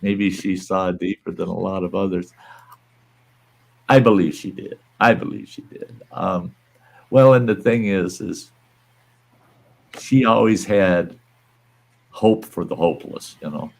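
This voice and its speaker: A man's voice: low-pitched, a little slow, vocal fry, long pauses. An older man hosting a livestream, telling a story in a blunt, folksy, profane way. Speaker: livestream host. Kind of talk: casual storytelling.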